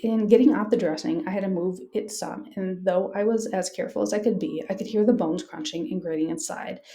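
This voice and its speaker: A woman reading a wartime diary aloud to a class, in an earnest, expressive way. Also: mid-range voice, a little fast, reverberant.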